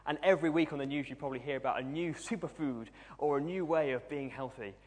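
Young man, sermon, higher voice, wry self-deprecating humor, long hall reverb. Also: quick pace. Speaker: preacher.

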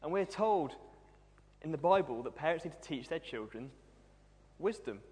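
Young man, sermon, higher voice, wry self-deprecating humor, long hall reverb. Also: expressive, moderate pace, darkish tone. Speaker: preacher.

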